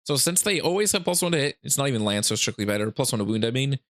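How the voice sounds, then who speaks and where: A man's voice: mid-range voice, lively intonation, rapid-fire, a bit bright. A man hosting a gaming channel, casually talking through game rules with hiccups, rambling with laughing asides and frequent restarts. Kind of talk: casual rules breakdown commentary.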